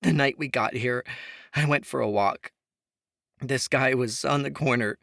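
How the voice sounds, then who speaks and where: A man voicing an angry, grieving young woman in shrill, tearful outbursts. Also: a little slow, vocal fry, fairly bright tone, no room sound, studio quality.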